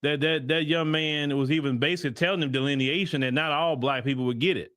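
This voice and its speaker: A man's voice: a little high, fairly even intonation, quick pace, a bit bright, no room sound, clean studio sound. A man hosting a livestream commentary, talking in a heated, rambling way full of repeated restarts. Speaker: host and commentator.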